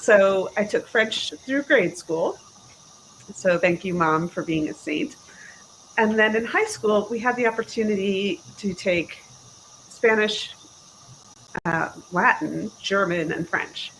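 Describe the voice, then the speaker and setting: Woman, forties, podcast guest; lively storyteller who acts out what people said, with faint hiss behind her. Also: mid-range voice, slow, poor audio. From Chicago area, USA. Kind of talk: casual interview chat.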